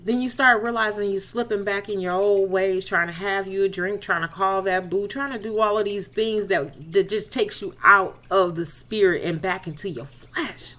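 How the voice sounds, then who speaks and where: Woman, inspirational speaker, mid-pitched, chatty personal faith testimony. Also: moderate pace, hardly any pauses, fairly bright tone. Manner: conversational, addresses listeners directly; retells dialogue expressively.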